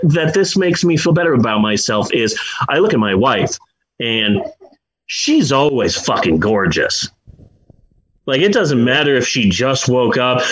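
A high-pitched, fairly bright-toned middle-aged man hosts a podcast, chatting loosely and making fun of himself while repeatedly restarting. It's a low-quality recording.

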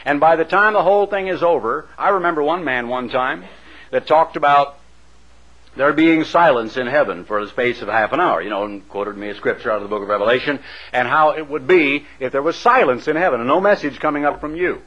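A man's voice: fairly high pitch, a little fast, fairly bright tone, muffled recording. A man delivering a radio sermon as an evangelist broadcaster, with dramatic emphasis. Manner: dramatic, swooping emphasis with acted-out voices.

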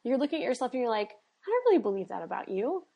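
A woman health coach talking in a casual podcast conversation, earnest and animated, with many fillers, acting out little dialogues. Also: a little high, fast talker, creaky. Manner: acts out quoted dialogue.

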